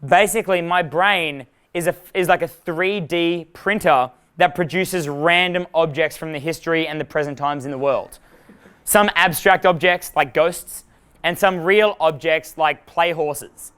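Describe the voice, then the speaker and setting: A man giving a live dating seminar, animated and profane, laughing at his own jokes. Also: fairly high pitch, a little slow, clear, resonant tone. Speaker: dating coach.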